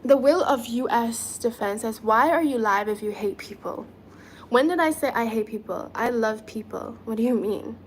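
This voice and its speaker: A young woman with a fairly high voice, chatting casually on a livestream. She reads viewer comments aloud and answers each one in a relaxed, talkative way. She is from China. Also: normal speed, a little hiss or hum.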